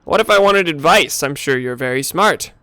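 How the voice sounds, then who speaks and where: A man's voice: a little high, animated, moderate pace, pushed and bright, dry recording. A man streaming a video game, joking casually as he plays and reads lines aloud. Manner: joking, often laughing. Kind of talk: casual let's-play commentary.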